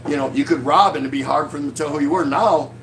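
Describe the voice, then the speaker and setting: Drinking beer while he talks, a sixty-something man runs a casual live stream from his home couch, reading out comments from viewers and joking around with a little laugh. He speaks quickly in a somewhat high voice over slight background noise.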